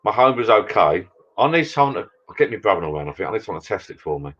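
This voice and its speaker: Low-voiced rambling British man. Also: very animated, racing, fairly bright tone, dull audio. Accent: British English. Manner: rambling and chatty, drinking beer while talking. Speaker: livestream host chatting with viewers. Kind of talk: casual live chat.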